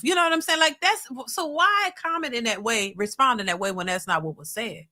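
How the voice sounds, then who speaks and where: A woman's voice: fairly high pitch, a little fast, few pauses, sharp tone. A woman hosting a reaction channel, talking bluntly and with exasperation about a clip she just played. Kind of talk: casual reaction commentary.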